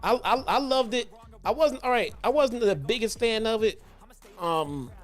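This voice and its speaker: A man's voice: extremely high pitch, moderate pace. Casual, profane male show host. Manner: casual, profane, animated storytelling. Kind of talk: casual retro wrestling review.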